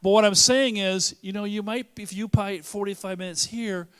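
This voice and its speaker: Guy emcee at a fundraiser, jokey and rambly, somewhat high voice. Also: steady tone, moderate pace, fairly bright tone, smooth. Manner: joking, rambling, self-interrupting. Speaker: event emcee. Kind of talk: casual emcee banter. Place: church hall fundraiser.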